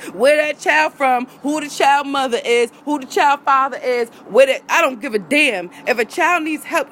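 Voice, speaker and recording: A high-pitched, slightly bright female voice carries an outdoor phone livestream rant, heated and full of profanity. Repeating herself to drive each point home, the vlogger speaks over slight background noise.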